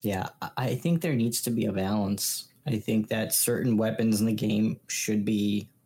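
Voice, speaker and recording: Warm, mellow male guest, earnest and opinionated. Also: fairly low pitch, normal speed. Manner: earnest, opinionated, tag questions. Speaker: podcast guest, content creator. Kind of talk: casual podcast chat.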